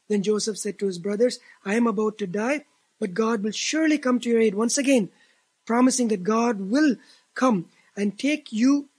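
A man preaching a sermon, reading scripture aloud and explaining it with emphatic restarts and a husky voice. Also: sits high, a little mellow, poor audio. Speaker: pastor.

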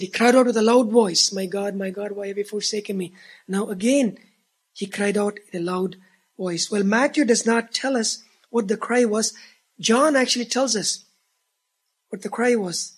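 Husky preacher giving a sermon, earnest, goes from loud to super hushed. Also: mid-range voice. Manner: earnest, swings from emphatic to hushed.

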